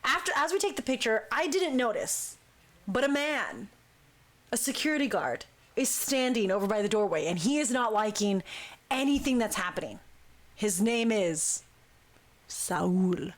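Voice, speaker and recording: High-voiced woman telling a story. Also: normal speed. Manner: lively, acts out quoted speech. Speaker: talk show host, dance crew member. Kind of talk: casual storytelling.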